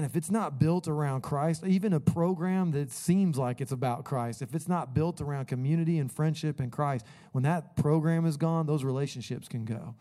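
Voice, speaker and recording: Animated man preaching with laughing stories. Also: mid-range voice. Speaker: pastor. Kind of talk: sermon with storytelling.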